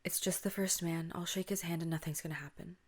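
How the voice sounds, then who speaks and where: Woman doing a flustered, protective older sister, lowish voice. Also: steady tone, fast talker, natural voice. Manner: flustered, dismissive. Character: older schoolgirl sister, protective, easily spooked.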